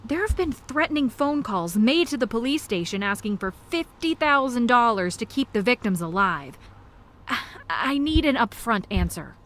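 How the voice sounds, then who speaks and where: A woman's voice: fairly high pitch, very animated, normal speed, a bit bright. An actress voicing a young woman detective in a video game, questioning suspects in a direct, probing manner.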